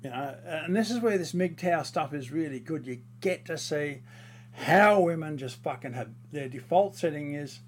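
A man's voice: on the high side, animated, moderate pace, slight background noise. A man in a casual monologue, ranting heatedly and crudely, rambling with fillers and restarts.

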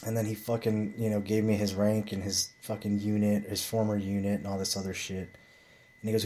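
A man's voice: lowish voice, flat delivery, quick pace, a little mellow. A man telling a rambling bar story in a blunt, profane, casual way, with frequent restarts.

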